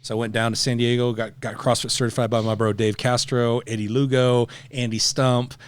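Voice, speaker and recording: A middle-aged man tells stories as a podcast guest, casual and full of slang. He gets animated and acts out the voices of people in his anecdotes. His voice sits at an ordinary middle pitch. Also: a little fast, clear, resonant tone. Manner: slangy, says "bro" often. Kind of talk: casual storytelling.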